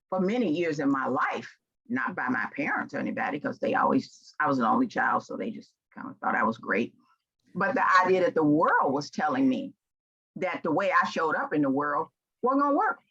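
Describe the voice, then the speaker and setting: This woman, in her sixties and speaking with a Southern American accent, gives a motivational keynote that is earnest and emphatic, swelling at times into animated stretches. Her husky, low voice moves fairly quickly, and the sound is lo-fi.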